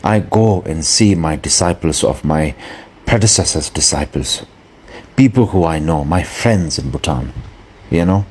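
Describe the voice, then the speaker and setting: A man with a very low, deep voice gives a Buddhist dharma talk. He speaks earnestly, pausing to hunt for the right word and circling back on his phrases. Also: animated, a little mellow, slight background noise. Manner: earnest and searching for words, with pauses. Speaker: Buddhist teacher.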